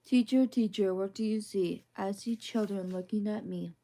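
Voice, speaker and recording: Mellow-voiced woman reading bedtime stories. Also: mid-range voice, moderate pace. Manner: gentle, sing-song read-aloud rhythm. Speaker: storyteller reading bedtime picture books. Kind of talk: soft ASMR bedtime reading.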